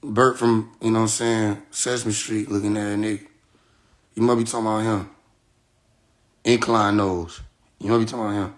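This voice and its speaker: A man's voice: fairly low pitch, level tone, normal speed, long pauses. Heated man ranting on a livestream. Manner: heated, profane, talks straight at viewers. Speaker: livestream host. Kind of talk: casual livestream rant.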